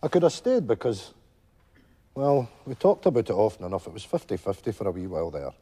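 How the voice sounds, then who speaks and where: An actor playing an older widowed Glasgow pensioner with a Glaswegian Scottish accent, telling a rambling stage monologue full of "you know" asides. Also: male voice, fairly low pitch, very animated, fairly quick, mellow, husky. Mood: wistful storytelling. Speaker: stage character telling a story to friends.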